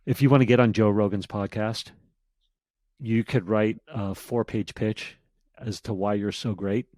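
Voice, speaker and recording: A man talking casually as a podcast guest, animated and acting out sample emails as he tells stories. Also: on the low side, measured pace, no echo. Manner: animated storytelling, acts out emails in quotes. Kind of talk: casual interview chat.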